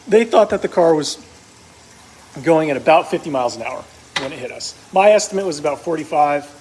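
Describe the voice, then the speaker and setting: A man's voice: fairly high pitch, darkish tone, a little hiss or hum, poor audio. A man talking while he cooks, rambling with many ums and uhs, as meat sizzles in his kitchen. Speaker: cooking vlogger. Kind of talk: casual talk while cooking. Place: kitchen with food searing.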